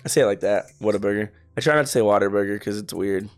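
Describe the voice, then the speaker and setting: A young man rattles off his points at a fast clip in a blunt, casual way and swears freely. He co-hosts a chat stream with faint music underneath. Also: lowish voice, expressive. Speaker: podcast co-host.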